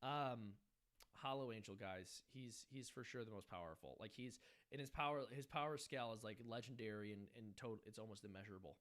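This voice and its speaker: A man's voice: fairly low pitch, a little fast, fairly bright tone. A man hosting a casual livestream, reading chat aloud and rambling with easy laughs. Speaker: animation studio head hosting a livestream.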